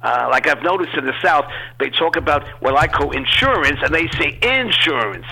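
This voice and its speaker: Gravelly, husky man from New York. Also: on the high side, fairly quick, sharp tone, rough recording. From Queens, New York. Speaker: guest commentator. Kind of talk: casual radio talk.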